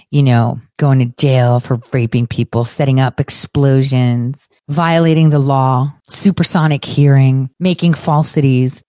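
A young woman giving a profane, sarcastic political rant in an animated, fast-shifting voice. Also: sits low, no echo, studio quality. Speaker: political commentator. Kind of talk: ranting commentary.

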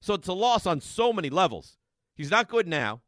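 A sports radio host hammers his point home with repeated rhetorical questions. His voice sits a little high and sounds bright and forceful. The studio sound is dry and close. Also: sing-song, normal speed, no echo. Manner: emphatic, repetitive rhetorical questions. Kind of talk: sports talk radio rant. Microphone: studio microphone.

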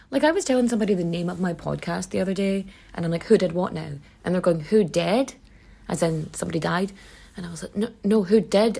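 A woman from Donegal, Ireland, with the local accent, hosts a casual storytelling podcast, recounting history in a chatty, sweary, irreverent way. Her voice is fairly low, darkish and slightly rough, with vocal fry.

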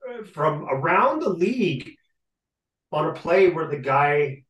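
Brief: male sports podcast co-host, ranting and animated, slightly high voice, roomy off-mic recording. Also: takes it slowly, far from the mic. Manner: animated, ranting, repeats catchphrase. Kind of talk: casual sports talk rant. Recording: echoey room, off-mic.

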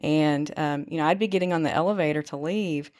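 A woman's voice: sits low, fairly quick, a little mellow. A woman telling her own story as an interview guest, in a conversational way full of fillers. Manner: conversational, frequent "you know" fillers.

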